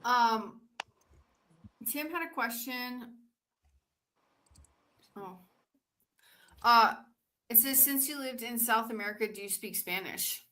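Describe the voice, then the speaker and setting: A woman's voice: on the high side, slow, pauses often, pushed and bright, low-quality recording. A woman co-hosting a casual livestream, upbeat as she reads viewer questions aloud. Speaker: co-host reading viewer questions.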